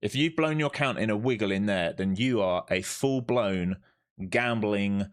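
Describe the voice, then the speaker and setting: A lowish-voiced man running a live trading stream. He talks in a brash, sweary way and taunts his chat, then switches to urgent cheering at the chart. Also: normal speed. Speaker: live-streaming day trader.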